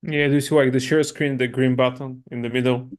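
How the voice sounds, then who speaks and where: A man's voice: medium pitch, level tone, a little fast. A man hosting an online panel on a video call, introducing speakers in an upbeat, informal way. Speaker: webinar host.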